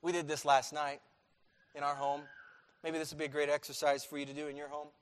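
Man, pastor, sermon, emphatic, repeats phrases, loud-to-quiet swings, church sanctuary, long reverb. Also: on the high side, little pitch movement, a little fast, a little hiss or hum.

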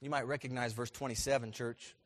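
A man preaching a sermon as pastor, asking his congregation questions and building to loud, emphatic peaks. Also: medium pitch, fairly even intonation, brisk.

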